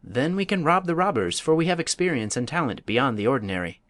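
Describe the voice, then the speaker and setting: A man voicing a fierce, boastful bandit in a storybook reading, loud and blustering. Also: mid-range voice, sing-song, a little fast, no room sound, voice pushed up.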